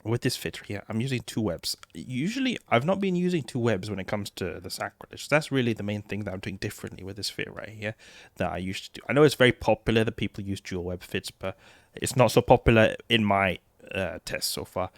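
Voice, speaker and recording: A man's voice: lowish voice, lively intonation, fairly quick, no echo. A man hosting a gaming channel, talking casually through a game setup while slightly ill, his voice cracking at times, thinking aloud with fillers and restarts. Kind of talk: casual gameplay commentary.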